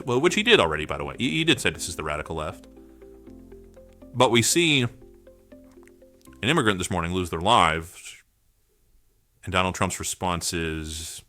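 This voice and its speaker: Furious man with a bright, forceful voice. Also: lowish voice. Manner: furious, profane, emphatic. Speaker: political commentator. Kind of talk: angry political rant.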